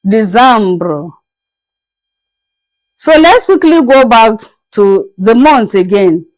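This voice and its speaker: Woman going thru french words real slow, repeats everything, dry close sound. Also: a little high, animated, darkish tone, no echo, poor audio. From Nigeria. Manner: slow, repeats each word for learners. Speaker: French teacher. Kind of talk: classroom language lesson.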